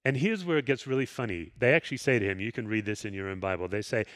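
Man preaching a lively conversational sermon. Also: lowish voice, quick pace, few pauses, no echo, studio quality. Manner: conversational, animated storytelling with acted quotes. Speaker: pastor.

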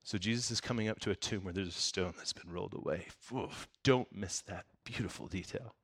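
A man with a fairly low voice delivers a relaxed, conversational sermon. He reads scripture and then riffs on it with jokes and frequent laughter. His volume swings from near-hushed to loud, emphatic moments. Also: a little fast, breathy edge. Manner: conversational and joking, breaks into laughter. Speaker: pastor. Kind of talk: casual sermon with Bible reading.

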